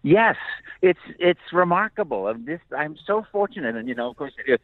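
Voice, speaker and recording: A man's voice: fairly high pitch, sing-song, fairly quick, no echo. An older man, a voice actor guest, chatting enthusiastically and laughing often in an interview, heard over a tinny phone line. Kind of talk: casual interview chat.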